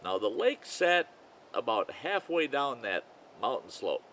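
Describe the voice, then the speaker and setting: A man's voice: medium pitch, big pitch swings, a little slow, fairly bright tone, slight background noise, low-quality recording. Older man spinning a folksy yarn. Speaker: storyteller. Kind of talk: campfire storytelling.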